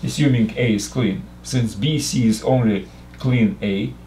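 An older man teaching math, working slowly through a logic puzzle aloud with frequent restarts. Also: mid-range voice, dark tone, a little hiss or hum. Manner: halting, restarts and fillers while reasoning aloud. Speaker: math lecturer.

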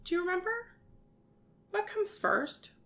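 A woman's voice: very high-pitched, animated, unhurried, vocal fry, fairly bright tone. A woman teaching a virtual preschool science lesson, asking young children lots of questions and praising their answers in a sing-song teacher manner.

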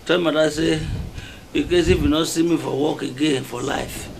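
A man with a Nigerian accent acting in a comedy film, loud, whiny and melodramatic, with light music behind him. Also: fairly high pitch, fairly even intonation, normal speed, creaky, a little hiss or hum. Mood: mournful. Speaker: comic lead actor. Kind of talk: Nollywood comedy acting in Pidgin.

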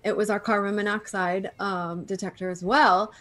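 A woman's voice: medium pitch, flat delivery, fairly bright tone. Easygoing female stream co-host. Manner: easygoing, quick agreeing interjections. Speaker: livestream co-host. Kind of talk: casual live stream chat.

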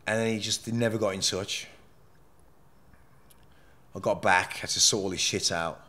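A man telling his life story as a podcast guest, animated and profane, rambling with frequent restarts. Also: on the low side, measured pace, long pauses. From England. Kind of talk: candid interview storytelling.

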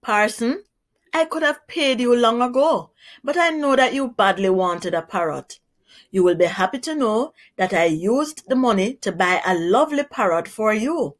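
A woman's voice: on the high side, animated, normal speed. A woman doing sly trickster Anansi. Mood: scheming.

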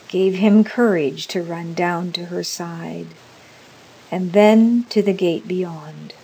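Woman narrator, dramatic story reading, very slow, husky voice. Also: fairly low pitch, low-quality recording. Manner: slow, expressive reading for learners.

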